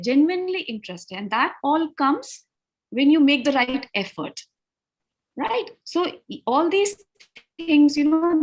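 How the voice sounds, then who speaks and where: A woman's voice: high-pitched, poor audio. A woman with an Indian English accent teaches spoken English over a video call, mixing in Hindi and coaching her students. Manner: mixes Hindi into English, asks students to try. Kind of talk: online class, coaching students.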